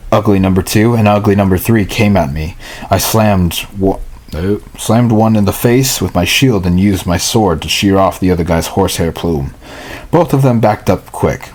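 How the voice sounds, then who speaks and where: A man reads a novel aloud at home, and his voice sits low and husky. He reads in a halting way, stumbling and going back over whole lines before he carries on. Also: a little mellow. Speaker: hobby reader. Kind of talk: reading a novel aloud, with casual asides.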